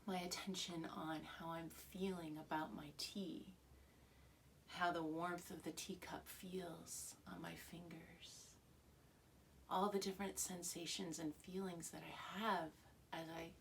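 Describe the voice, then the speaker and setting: A woman guiding a relaxed meditation, speaking calmly and softly and often dropping into a hushed whisper. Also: lowish voice, far from the mic, a little hiss or hum. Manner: calm, soft, often slipping into a hushed whisper. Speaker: meditation guide. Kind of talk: gentle guided meditation talk.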